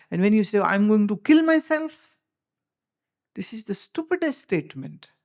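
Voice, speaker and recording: A woman speaking English with an Indian accent delivers a spiritual talk to her followers. Her manner is emphatic and lecturing, and she presses her points with rhetorical questions at a middling pitch. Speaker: spiritual teacher.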